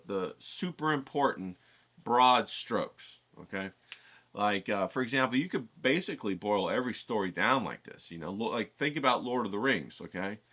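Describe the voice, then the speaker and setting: Bright-voiced man teaching casually. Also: medium pitch. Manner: rambling, profane, keeps checking in with "okay?". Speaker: writing challenge host. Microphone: filtered through a voice isolator.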